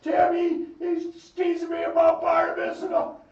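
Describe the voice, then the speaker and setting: A high, plaintive boy's voice put on by a man pleads and whines. It is heard from a distance in an echoey room. The sound is dull and slightly muffled. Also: completely flat delivery, measured pace. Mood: panicked. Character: young boy, the speaker's scared little brother.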